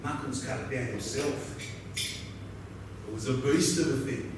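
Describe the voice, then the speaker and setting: A man's voice: medium pitch, a little slow, natural voice. A man playing a laconic outback bloke, echoey. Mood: wry. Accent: Australian. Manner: drawling yarn-spinner, swears freely. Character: weathered, laconic male outback roadhouse bloke. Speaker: outback roadhouse local telling a story. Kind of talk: theatrical monologue. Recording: very echoey, distant mic, noisy ambience.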